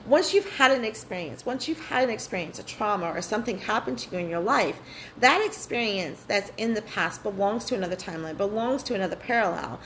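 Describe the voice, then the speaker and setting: A woman's voice: medium pitch, lively intonation, fairly quick, fairly bright tone, rough recording. Woman host of a spiritual workshop, earnest and candid, swears a lot, faint hiss behind her. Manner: earnest, candid, swears freely, repeats phrases. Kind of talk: live online workshop talk.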